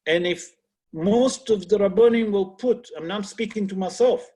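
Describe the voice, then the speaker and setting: Husky, high-voiced rabbi teaching. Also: male voice, moderate pace, mellow. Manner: earnest, asks rhetorical questions, non-native English grammar. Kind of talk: teaching an online class.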